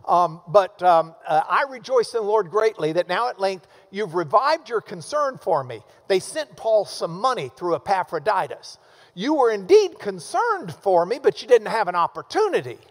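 A man's voice: high voice, big pitch swings, moderate pace, big-room sound. A man teaching a church Bible class in a conversational way, often restarting his sentences. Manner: conversational, with frequent restarts and repetitions.

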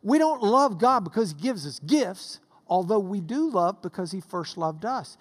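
A man's voice: high-pitched, expressive, moderate pace. A man, preaching a sermon to a class, telling stories and building to passionate swells. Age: 50s. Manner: storytelling with swells of rising intensity. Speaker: pastor.

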